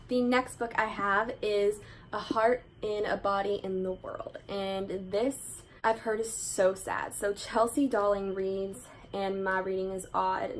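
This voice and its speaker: A chatty woman talks through her pile of books in a casual vlog. She speaks eagerly and leans on "like" as a filler, at an ordinary pitch for a woman. A faint background noise runs under her voice. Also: rough recording. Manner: chatty and enthusiastic, many "like" fillers. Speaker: book vlogger. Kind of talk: casual book haul chat.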